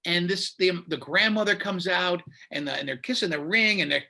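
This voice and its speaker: A high-pitched American radio host in Florida speaks at normal speed with vocal fry. Telling a story in casual conversation, he's animated and acts out the voices of the people he quotes.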